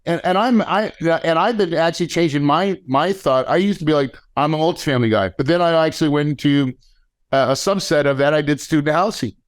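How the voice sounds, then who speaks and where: A man hosting a podcast in casual chat, energetic and slangy, often checking in with "right?". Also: fairly high pitch, brisk. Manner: energetic, slangy, thinks aloud with many "right?". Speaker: podcast host.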